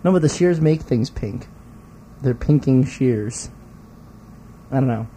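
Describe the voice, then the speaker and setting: A man's voice: mid-range voice, slow pace, slight background noise. A man co-hosting a casual talk show, joking with dry sarcasm. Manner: dry, sarcastic, deadpan jokes. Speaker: podcast co-host. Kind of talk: casual banter.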